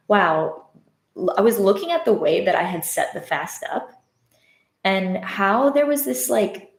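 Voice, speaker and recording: A woman's voice: fairly low pitch, darkish tone. Candid woman telling a story in an echoey room. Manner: candid, reflective storytelling with frequent "like" fillers. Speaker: podcast host and love coach. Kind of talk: casual live-stream monologue. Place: indoors at home, live on social media.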